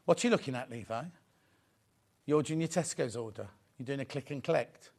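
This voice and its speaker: A man hosting a live shopping show, chatty and excitable, often repeating his phrases. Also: medium pitch, fairly quick, gravelly. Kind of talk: live sales presentation.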